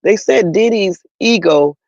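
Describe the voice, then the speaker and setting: High-voiced gravelly man on a livestream. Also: a little slow, dry recording, lo-fi sound. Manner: chatty and opinionated, addresses viewers directly. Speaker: livestream host. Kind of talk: casual news commentary.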